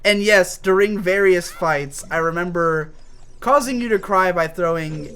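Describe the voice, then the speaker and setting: A tipsy young man with a high, bright, edgy voice, telling rambling, profane stories in a casual gaming chat. He gets defensive when teased. A faint hiss sits under the recording. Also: unhurried. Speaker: co-host. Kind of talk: casual banter while playing a game.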